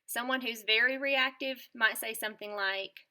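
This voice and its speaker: A woman teacher presenting a scripted lesson to children in a clear, upbeat and encouraging tone. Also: on the high side, moderate pace, sharp tone. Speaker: teacher presenting a school morning show lesson.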